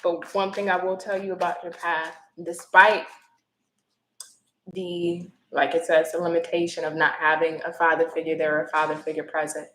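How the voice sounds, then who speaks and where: A woman's voice: deep voice, fairly bright tone, roomy sound, poor audio. A woman giving a live-stream tarot reading, earnest and emotional, with apologetic asides. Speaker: tarot reader.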